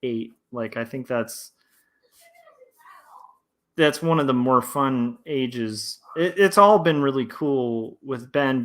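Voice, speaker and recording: Rambling relaxed man chatting while drawing. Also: medium pitch. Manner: rambling, many fillers and restarts; relaxed and friendly, reads chat aloud. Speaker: comic artist streamer. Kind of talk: casual livestream chat while drawing. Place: home studio indoors.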